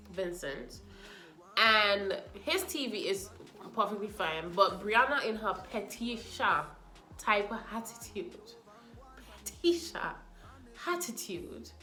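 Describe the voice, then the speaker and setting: A woman's voice: mid-range voice, echoey room. Sassy woman reviewing a show. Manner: animated, sassy, talks to the cast directly. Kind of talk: casual review chat.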